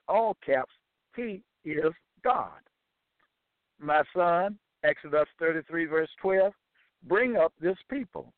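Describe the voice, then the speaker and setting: Guy reading bible verses real slow and careful, kinda high voice, tinny phone-like sound. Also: dry recording. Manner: deliberate, measured, cites each chapter and verse aloud. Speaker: bible teacher. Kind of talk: slow scripture reading and teaching.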